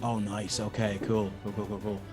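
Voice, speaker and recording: A man's voice: on the low side, flat delivery, normal speed, over music. A man running a tabletop game as game master on a live stream, casual, swearing freely and making sound effects.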